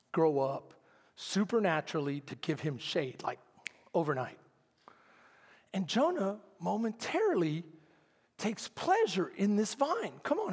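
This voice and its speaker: A male pastor preaching a sermon, dramatic, swinging from hushed asides to shouted lines. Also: sits high, breathy edge, in a large hall.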